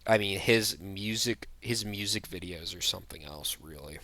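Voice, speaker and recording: A man's voice: sits low, normal speed, sharp tone, dry recording. A young man giving blunt, rambling tier-list commentary, full of fillers and restarts. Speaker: vlogger.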